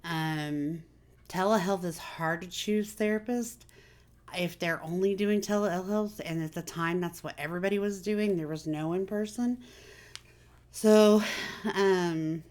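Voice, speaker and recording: A woman hosting a casual personal chat, talking candidly and confidingly with many fillers. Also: lowish voice. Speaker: vlog host.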